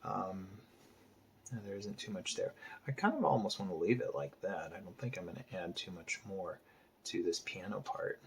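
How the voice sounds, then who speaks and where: Gravelly-voiced man muttering through a drawing. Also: sits low, lively intonation, moderate pace, a little hiss or hum. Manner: thinking aloud, hesitant, muttering asides half-whispered. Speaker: art instructor. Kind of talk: casual drawing tutorial talk-through.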